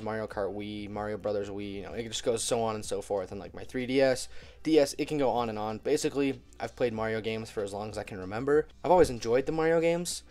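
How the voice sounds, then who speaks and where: A man's voice: mid-range voice, a little mellow. A young man with a cold talking casually in a movie review vlog, chatty, filling his talk with "like" and laughing easily. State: getting over a cold.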